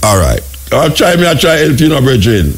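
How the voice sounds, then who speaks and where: A man's voice: medium pitch, very animated, fairly quick. A man with a Jamaican accent hosting a radio phone-in, lecturing in an exasperated, sing-song way. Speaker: radio host.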